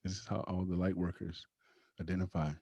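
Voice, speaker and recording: A man with a husky voice, a podcast guest telling a personal story casually, laughing often and acting out the lines of the people in it. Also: sits low, level tone, fairly quick, mellow, dry recording, highs cut off. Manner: acts out quoted dialogue.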